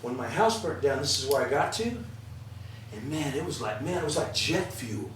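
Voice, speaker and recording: A man's voice: medium pitch, animated, moderate pace, far from the mic, slight background noise. A middle-aged man giving an earnest, conversational motivational talk to an audience, laughing often. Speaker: motivational speaker. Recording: echoey room, speaker away from the mic.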